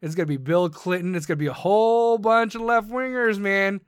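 A man's voice: sits high, a little fast, smooth, dry recording, clean studio sound. A man hosting a podcast, ranting in a profane, combative and sarcastic way. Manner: mocks others in put-on voices. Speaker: podcast host. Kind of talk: ranting monologue.

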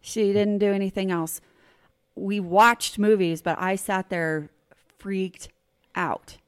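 A middle-aged woman telling a personal story in a casual podcast chat, animated and vivid. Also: mid-range voice, slow pace, clean tone. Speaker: podcast guest.

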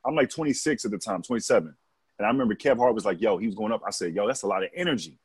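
A male comedian in casual chat, a rapid storyteller who acts out quoted lines. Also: lowish voice, expressive, husky, dry recording. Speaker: comedian guest.

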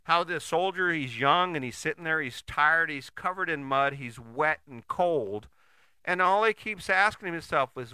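A man delivers a blunt, profane motivational monologue, firing off rhetorical questions and restarting his sentences. His voice is bright and sharp, sits a little high, and swings widely in pitch. The sound is dry and close. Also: lively intonation, a little slow, smooth, dry recording.

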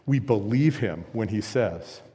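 Mellow-voiced pastor preaching in an echoing hall. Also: male voice, lowish voice, expressive, measured pace. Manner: earnest, emphatic with repeated phrases and rhetorical questions. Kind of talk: sermon. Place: church sanctuary. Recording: long reverb of a church hall.

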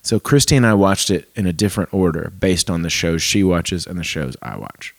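A man in his forties, a pastor, chatting casually and acting out remembered conversations in a soft voice. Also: low-pitched, animated, fairly quick, gravelly, no echo. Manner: storytelling, acts out dialogue softly. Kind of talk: casual podcast chat.

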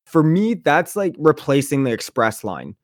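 A man's voice: fairly high pitch, measured pace, no echo, studio quality. A man co-hosting a podcast, telling casual stories with lots of swearing and acting out other people's lines. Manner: animated storyteller, swears freely, acts out voices. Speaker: podcast co-host. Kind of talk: casual chat.

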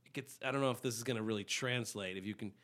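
A man hosting a comedy chat show, animated and jokey. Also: medium pitch, very fast, crowd noise. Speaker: podcast host.

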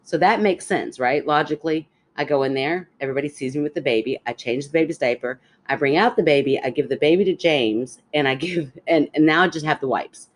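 A woman's voice: sits low, fairly quick, hardly any pauses. A woman, a podcast co-host telling a story in casual chat and laughing as she talks. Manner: animated storyteller, laughs while talking.

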